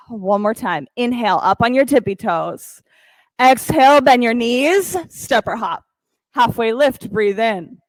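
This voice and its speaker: Woman yoga teacher, slow calm cues, counts breaths, kinda high voice, dry close mic. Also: no echo, poor audio. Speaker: yoga instructor. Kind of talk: guided yoga class cues.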